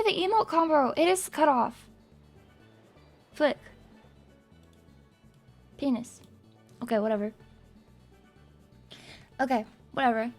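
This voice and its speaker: A young woman livestreamer chatting casually with viewers, playful and excitable, swearing and breaking into loud screams and laughs. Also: high-pitched. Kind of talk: casual chat to stream viewers.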